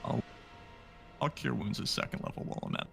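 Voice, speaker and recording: A man playing a tabletop game, describing his moves in an animated, joking way. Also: fast, soft background music. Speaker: player. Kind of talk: casual table talk.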